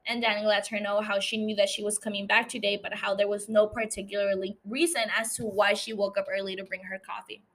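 A woman casually recapping a TV episode for a podcast, chatty and quick to laugh, with lots of fillers. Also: medium pitch, flat delivery, a bit bright. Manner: chatty, giggly, filler-heavy storytelling. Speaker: podcast host recapping a series.

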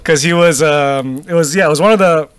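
A man's voice: a little high, fairly quick, clean tone, no echo. A young man, co-hosting a podcast in loose, sweary, jokey chat. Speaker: podcast co-host. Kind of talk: casual chat.

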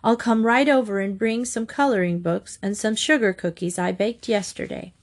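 Woman voicing a fretful teary mother, high wailing voice, storybook. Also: normal speed, lightly acted. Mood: flustered. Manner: wailing and anxious, high-pitched. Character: flustered, tearful mother of a bully.

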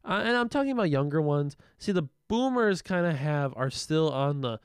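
A young man co-hosting a podcast in casual political chat, animated and profane, often mocking the voices of others. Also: a little high, moderate pace, clear, resonant tone, dry recording, clean studio sound. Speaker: podcast co-host.

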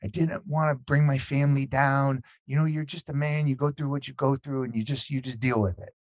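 A man voicing an eighty-year-old old-school father who speaks softly and plainly, in a dry, close recording. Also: medium pitch, fairly even intonation, brisk, no room sound, voice pushed up, close to an everyday voice.

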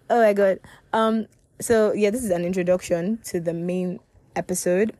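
A woman's voice: medium pitch, animated, slow, long pauses, darkish tone, no echo. A young woman hosting her own podcast alone, rambling and correcting herself as she talks. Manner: rambling, self-correcting, laughs often. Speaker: podcast host. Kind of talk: casual solo podcast chat.

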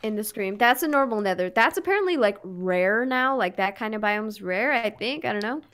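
A woman's voice: medium pitch, lively intonation, moderate pace, fairly bright tone. A woman co-hosting a casual podcast about video games, chatty and laid-back, trailing off with fillers. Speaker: podcast co-host.

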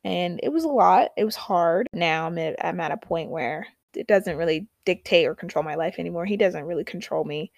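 A woman's voice: lowish voice, brisk, vocal fry, hardly any pauses, a little mellow, no room sound, clean studio sound. A young woman hosting her own podcast, talking candidly and conversationally about her poetry book, often trailing off and restarting. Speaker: podcast host and poet. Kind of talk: casual podcast monologue.

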